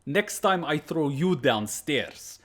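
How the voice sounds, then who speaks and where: Man putting on a gruff Russian-accented karate sensei. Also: on the high side, expressive, fairly bright tone, heavily acted. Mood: menacing. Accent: mock Russian. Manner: slow, broken English, menacing. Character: stern old-school male karate sensei, gruff and threatening.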